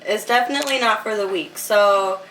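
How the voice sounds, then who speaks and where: A young woman from Utah telling her story as a guest in a casual interview, animated and laughing often, with lots of filler words. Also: mid-range voice, normal speed, roomy sound, distant mic, slight background noise, rough recording.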